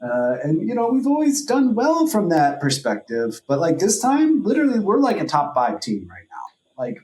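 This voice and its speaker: A man's voice: sits high, wildly swooping pitch, moderate pace, darkish tone. A man co-hosting a podcast in casual chat. He rambles with heavy filler words and swearing. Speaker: podcast co-host. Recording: echoey room.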